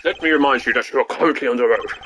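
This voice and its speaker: A man's voice: medium pitch, racing, fairly bright tone, slight background noise, natural voice. A man voicing a smug male prosecutor who talks in a haughty, formal way, reading game dialogue aloud. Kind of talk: game dialogue read-along.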